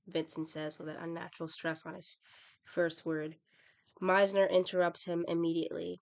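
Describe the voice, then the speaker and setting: A woman reading a book aloud in a steady, unhurried way. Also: on the low side, gravelly.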